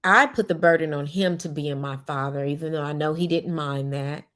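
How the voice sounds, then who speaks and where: A middle-aged woman hosting a podcast, speaking slowly and reflectively with many pauses, and at times tearful. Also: deep voice, a bit bright. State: tearful at moments. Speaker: podcast host. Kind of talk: personal monologue.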